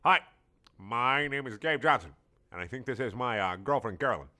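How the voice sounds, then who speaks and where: A man's voice: medium pitch, expressive, moderate pace, bright, forceful tone. A man playing an awkward teenage boy.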